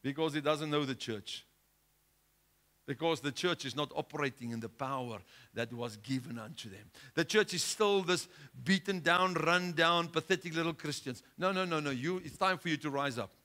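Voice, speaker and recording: A male pastor preaching a sermon with a South African accent, swinging between loud urgent exhortation and quiet, low asides. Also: normal speed. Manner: impassioned preaching, rising loud then dropping low.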